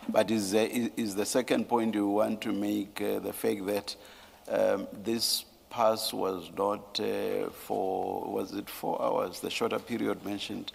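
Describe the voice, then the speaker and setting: A man, chairing an inquiry hearing, speaking deliberately and haltingly with a dry humor. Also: fairly low pitch, flat delivery, creaky, husky, big-room sound. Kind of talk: formal hearing exchange. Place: hearing room.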